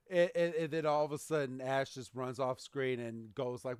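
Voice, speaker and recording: A man's voice: medium pitch, moderate pace, hardly any pauses, smooth, dry recording, clean studio sound. A man co-hosting a podcast, casually retelling a cartoon episode and acting out the quotes. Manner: animated retelling, acts out quotes. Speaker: podcast co-host.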